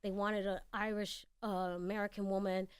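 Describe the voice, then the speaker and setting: A woman's voice: mid-range voice, level tone, normal speed, clear, resonant tone, dry recording, studio quality. A woman with a New York accent, a guest actor telling her story in a blunt, candid way in a casual radio interview. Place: radio studio.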